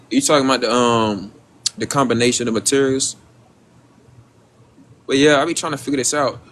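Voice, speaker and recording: With a fairly bright, mid-range voice, a man hosts a casual livestream over a little hiss or hum. He addresses viewers head-on, throws out rhetorical questions, and falters into repeated words when he's searching for something to say.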